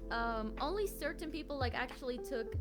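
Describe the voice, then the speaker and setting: Woman student, high voice, hesitant casual chat, loud music under her. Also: lively intonation, normal speed. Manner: hesitant, thinks aloud with many fillers. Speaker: guest voice acting student.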